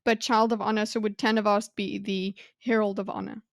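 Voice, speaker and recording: A woman's voice: mid-range voice, little pitch movement, a little fast, dry recording, studio quality. A woman co-hosting a book club podcast, musing tentatively, hedging and circling back as she thinks. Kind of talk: casual book discussion.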